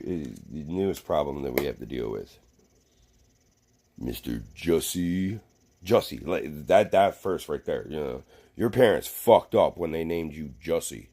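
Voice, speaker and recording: A man's voice: very deep voice, darkish tone. A man vlogging a casual, rambling rant to camera, swearing freely and full of fillers and restarts.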